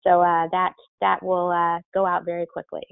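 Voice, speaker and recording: A woman's voice: lowish voice, monotone, moderate pace, no room sound. Helpful woman presenter on a tinny line. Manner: clear, helpful, explanatory. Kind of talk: webinar Q&A explanation. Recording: tinny phone-line sound, dry.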